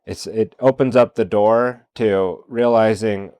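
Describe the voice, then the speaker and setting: A man's voice: fairly low pitch, fairly even intonation, takes it slowly, hardly any pauses, dark tone, clear, resonant tone, no echo. A man hosting a solo commentary show, talking casually and posing one rhetorical question after another. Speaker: podcast host.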